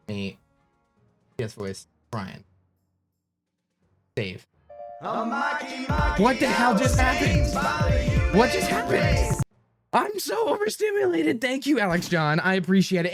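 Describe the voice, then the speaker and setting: Flustered male streamer, faint music behind. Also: on the high side. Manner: flustered, rambling while fiddling with settings. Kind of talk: live-stream chatter.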